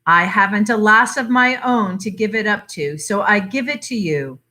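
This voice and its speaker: A woman's voice: medium pitch, moderate pace, bright, forceful tone, lightly acted. A woman reading aloud, voicing a sly old aunt who has only pretended to be deaf, with broad dialect and knowing chuckles. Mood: confiding.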